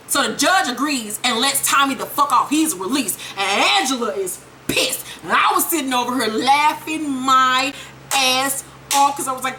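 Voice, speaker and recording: A woman giving a casual, animated and profane recap of a TV episode. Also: high voice, moderate pace, noisy background. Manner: animated, profane, acts out the characters. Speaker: TV episode reviewer.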